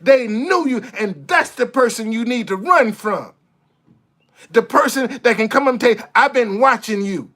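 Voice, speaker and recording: A man's voice: extremely high pitch, lively intonation, normal speed, fairly bright tone. A man in an impassioned monologue to camera, blunt and heavily profane, repeating phrases for emphasis and stammering over restarts as he gets fired up. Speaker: vlogger.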